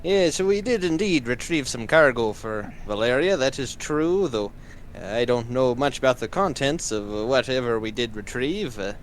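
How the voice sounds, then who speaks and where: Dude playing a gruff ship captain, salty sailor talk, lots of hesitation. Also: male voice, medium pitch, animated, moderate pace, a little hiss or hum, close to an everyday voice. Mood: guarded. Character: gruff male ship captain, fond of drink.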